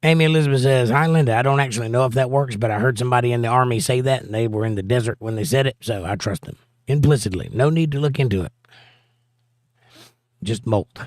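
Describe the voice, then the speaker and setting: A man's voice: mid-range voice, fast, darkish tone, dry recording. Man casually reading out live chat. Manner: reads chat messages aloud and answers with dry jokes. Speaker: livestream host reading viewer chat.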